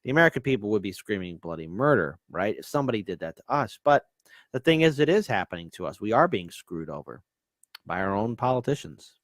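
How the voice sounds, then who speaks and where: A man co-hosting a political show, talking in a measured way with sarcastic asides. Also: on the low side, sing-song, no echo. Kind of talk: casual political discussion.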